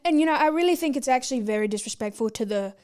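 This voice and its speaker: A woman's voice: high-pitched, animated, very fast, a little mellow. A woman playing a haughty mock-posh British man with a put-on British English accent in a comedy sketch.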